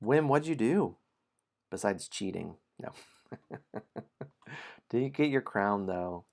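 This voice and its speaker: A man's voice: on the low side, expressive, takes it slowly, vocal fry. A man hosting a casual game stream, playfully teasing players and reading the story aloud. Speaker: game host.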